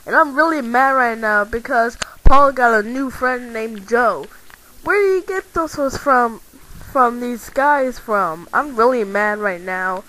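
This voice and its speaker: Woman voicing an angry male action figure, very slow rambling rants, bright voice, home-made toy video. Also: on the high side, expressive, a little hiss or hum, full character voice, low-quality recording. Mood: angry, ranting. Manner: rambling, repeats "seriously".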